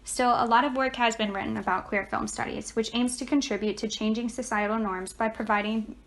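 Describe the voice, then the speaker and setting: A young woman student giving a read class presentation at a steady, note-reading pace. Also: a little high, brisk, vocal fry, a little hiss or hum.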